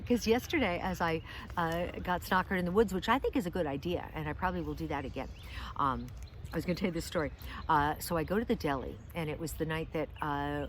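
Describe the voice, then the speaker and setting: A low-voiced, middle-aged woman from the United States, a vlogger and comedian, rambles through a self-deprecating story for a casual vlog shot in a park. Fillers and restarts pile up, with slight background noise behind her.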